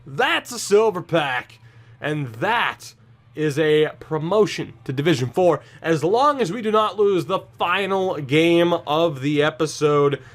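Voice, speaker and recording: A man giving casual commentary over his own video game match, tired and sarcastic, breaking into sudden excited outbursts. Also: on the high side, a little slow. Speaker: gaming YouTuber.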